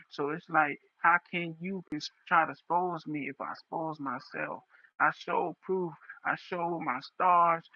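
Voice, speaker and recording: Young male streamer, raw and impassioned, pitched a bit high, muffled lo-fi audio. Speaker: livestreamer. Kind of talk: emotional livestream monologue. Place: livestream setup.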